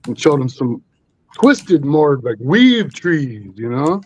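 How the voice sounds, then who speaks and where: A man's voice: on the high side, very animated, slow, darkish tone, lo-fi sound. A man telling a story as a guest on a live stream, rambling with many fillers and restarts. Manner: rambling, full of 'you know' and restarts.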